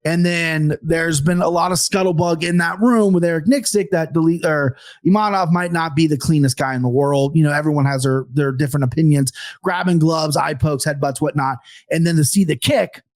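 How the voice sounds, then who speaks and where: A man's voice: fairly high pitch, steady tone, a little fast, no echo, clean studio sound. A man from the US Midwest co-hosting a sports podcast in loose, easygoing chat. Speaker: podcast co-host.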